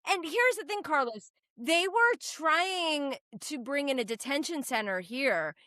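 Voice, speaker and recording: A woman from New Hampshire, a state legislator, telling stories in a blunt, profane, animated way during a casual podcast chat. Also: sits high, measured pace, no room sound, studio quality. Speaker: state representative guest.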